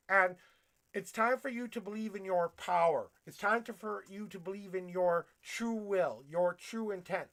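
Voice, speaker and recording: Blunt, gravelly-voiced male tarot reader. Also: sits high. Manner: blunt, profane, preachy, builds to yelling. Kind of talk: livestream tarot reading pep talk.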